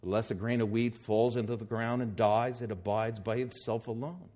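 A man's voice: mid-range voice, steady tone, moderate pace, few pauses, dark tone. A man preaching a sermon, reading scripture aloud and then explaining it with growing emphasis.

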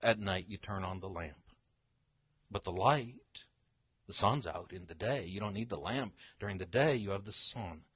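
An older man preaching a Bible-teaching sermon, emphatic, slowing down to read scripture aloud. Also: on the low side, a bit bright, husky, dry recording.

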